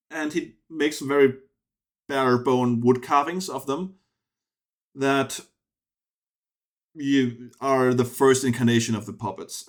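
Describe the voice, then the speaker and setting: A man talking through a film review in a loose, rambling way. He restarts his sentences often and sounds dismissive and sardonic. His voice sits at an ordinary pitch for a man. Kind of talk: casual spoken film review.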